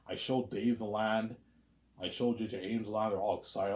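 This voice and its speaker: A man talking in a casual, rambling monologue, repeating words and restarting sentences, with loud excited bursts that drop to low mutters. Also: a little fast. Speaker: vlogger.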